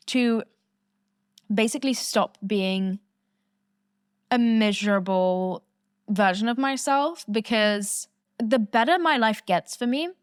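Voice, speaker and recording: A woman's voice: medium pitch, dry recording, clean studio sound. A woman in her twenties hosting a podcast, talking candidly and casually, swearing freely and laughing often. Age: 20s. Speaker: podcast host.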